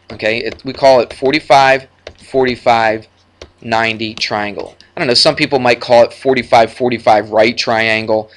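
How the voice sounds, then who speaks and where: A man's voice: mid-range voice, fairly bright tone. A man teaching a math class, chatty, telling stories and laughing often as he lectures a classroom of students.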